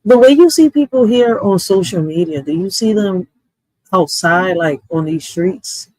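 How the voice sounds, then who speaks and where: A man's voice: high-pitched, animated, unhurried, a little mellow, dry recording, rough recording. A man co-hosting a live stream, talking in a blunt, opinionated, conversational way. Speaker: stream co-host. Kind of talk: casual chat. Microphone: streaming mic.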